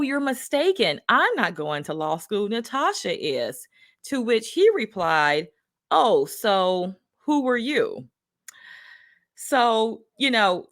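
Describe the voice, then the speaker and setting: A woman speaks as host of a workplace-culture talk, mixing personal stories with advice and tossing in frequent tag questions. Her voice sits at a middle pitch and sounds close and dry, with almost no room around it. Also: a bit bright, dry recording.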